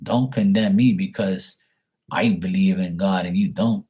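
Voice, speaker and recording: A man's voice: deep voice, fairly even intonation, measured pace, dark tone. A man hosting a psychic livestream, talking bluntly and rambling, with plenty of swearing. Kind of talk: casual livestream talk.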